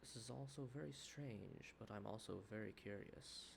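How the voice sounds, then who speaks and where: A gentle AI companion program, put on by a man, earnest and sweet in a put-on accent. The voice sits fairly low, with a faint hiss behind it. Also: normal speed, gravelly.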